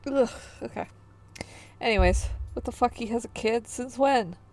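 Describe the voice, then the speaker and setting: A woman's voice: on the high side, moderate pace, darkish tone. A woman streamer casually reacting while she reads webcomics, with blunt, swearing remarks. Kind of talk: casual live-stream commentary.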